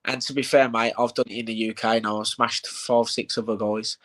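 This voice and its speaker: Flat-voiced fighter, blunt and sweary. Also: male voice, mid-range voice, fairly quick. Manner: blunt, swears freely, says "mate". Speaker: bare-knuckle fighter and host. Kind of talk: casual live chat.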